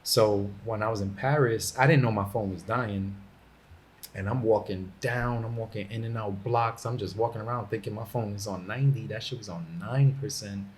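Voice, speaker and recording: A man with a fairly low voice spins casual, animated stories in a podcast chat. He acts out what other people said and drops street slang as he goes. Faint ambience hums behind him. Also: normal speed, a little hiss or hum. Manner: animated storyteller, acts out quotes with laughter and slang. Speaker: podcast guest.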